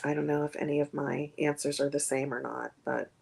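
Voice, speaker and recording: Low-voiced woman, rambling chat. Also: flat delivery, a little fast, creaky, a little mellow, slightly rough. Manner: rambling, many fillers, searching for names. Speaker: guest comedian. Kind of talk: casual interview chat. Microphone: streamed video call.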